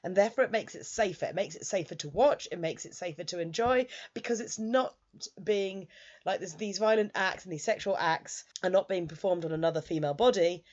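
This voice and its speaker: A woman's voice: on the low side, a little fast, darkish tone, muffled recording. A woman chatting casually through a frank review, peppering her talk with "like". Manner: chatty, frank, heavy use of "like". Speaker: anime reviewer.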